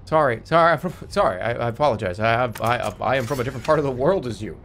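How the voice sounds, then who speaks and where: An excitable man streams a video game with running, self-mocking commentary. His pitch swings lively from line to line, and he repeats phrases in quick bursts. Steady noise sits behind his voice. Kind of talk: live gameplay commentary. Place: home streaming setup.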